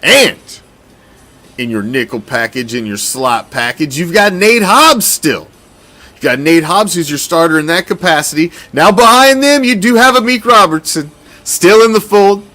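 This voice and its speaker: A male sports host with a fairly high, bright voice that swings widely in pitch. He talks loosely and profanely, rambling through his points with plenty of energy. The delivery is casual commentary. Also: expressive, normal speed.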